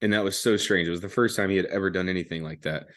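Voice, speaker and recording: Rapid-fire delivery, a low pitch, a steady tone, and a fairly bright quality mark this young podcast host. He recounts a story casually, swearing and slinging slang, laid-back and laughing often, saying "dude" and "man" a lot.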